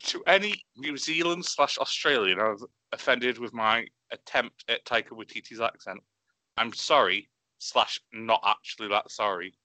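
A man with a bright, forceful voice, talking fast and eagerly. The sound is close and dry, with no room around it. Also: medium pitch, no echo. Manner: excitable, swearing, animated. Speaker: podcast co-host. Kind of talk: enthusiastic casual chat.

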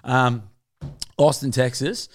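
A man's voice: medium pitch, fairly even intonation, takes it slowly. An Australian man co-hosting a podcast, telling rambling, sweary stories in casual banter. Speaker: podcast co-host.

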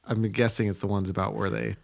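A man's voice: fairly low pitch, flat delivery, quick pace, gravelly. A man co-hosting a podcast in casual chat, teasing his partner with dry banter. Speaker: podcast co-host.

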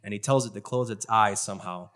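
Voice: deep voice, fast, a bit bright. The game master of a tabletop game podcast, narrating scenes and swearing casually. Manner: swoops into character voices, swears casually.

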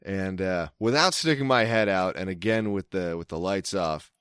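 A man's voice: low-pitched, normal speed, a bit bright, smooth, no echo, studio quality. A man from Maryland telling a long story in casual chat, rambling, swearing a lot and breaking off his sentences. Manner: rambling, profane, self-interrupting.

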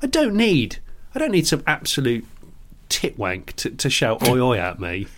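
A man's voice: mid-range voice, measured pace. A man, co-hosting a casual podcast chat, ranting and swearing freely. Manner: swears a lot, animated ranting. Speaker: podcast co-host.

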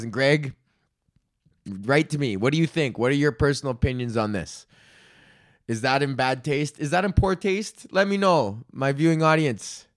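A man hosting his own podcast in a casual ranting monologue, swearing constantly, rambling and laughing often. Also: a little high. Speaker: podcast host.

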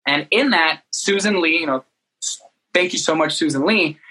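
A man in his thirties tells his story as an interview guest. His voice is bright and forceful and sits a little high. He talks fast and excitably, jumping up in pitch as the story builds. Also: low-quality recording.

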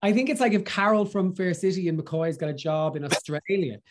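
A man's voice: high voice, a little fast, background noise. Effusive Irish man gushing about films. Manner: gushing and animated, with lots of restarts. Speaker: podcast guest. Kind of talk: casual film review chat.

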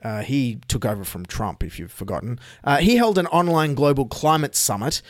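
A man's voice: medium pitch, normal speed, no echo, studio quality. Sarcastic Australian man hosting comedy news. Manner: sarcastic deadpan jokes. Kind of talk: satirical news commentary.

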